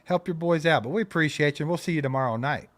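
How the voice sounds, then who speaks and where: A man's voice: fairly high pitch, fast, a bit bright, no echo. A man from Kentucky co-hosting a fan show, talking in easygoing, wry livestream banter.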